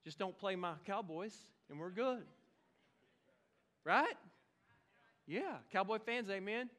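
A man from Oklahoma, preaching a lively, storytelling sermon with sudden bursts of shouting. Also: high voice, slow pace, long pauses. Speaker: pastor.

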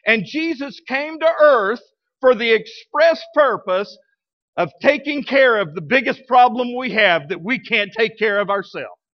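A man's voice: extremely high pitch, lively intonation, measured pace, dull audio. A male pastor preaching a sermon in a conversational way, asking his congregation rhetorical questions. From United States. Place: church.

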